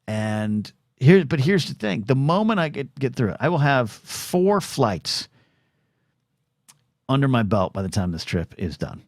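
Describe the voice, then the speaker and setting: Very animated and at a normal speed, this middle-aged man's mid-range voice comes through a dry, studio-quality recording. Hosting a podcast on his own, he wanders off track, runs himself down, trips over restarts, and briefly performs the voices of people he quotes.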